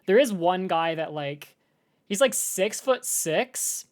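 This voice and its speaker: A woman's voice: lowish voice, slow. A young American woman streaming, chatting casually and rambling with lots of fillers. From United States. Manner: rambling, filler-heavy, animated with laughs. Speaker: streamer reacting to a video. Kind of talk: casual live-stream chat.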